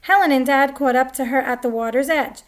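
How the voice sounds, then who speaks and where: A woman's voice: sits high, a little fast. A woman reading a picture book aloud, chatty, stopping to comment on the pictures. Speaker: story reader.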